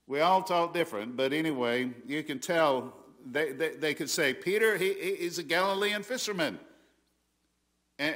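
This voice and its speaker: A Southern American man preaches a sermon with a bright, ringing voice. He presses his points hard and often stops to restart a sentence. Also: medium pitch. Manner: emphatic, rising loud on quoted scripture, frequent restarts. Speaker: pastor.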